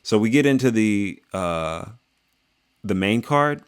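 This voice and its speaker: Young man, reaction commentary, low voice, rambling and slangy, jokes throughout. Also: lively intonation, slow, smooth. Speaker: video creator reviewing fights.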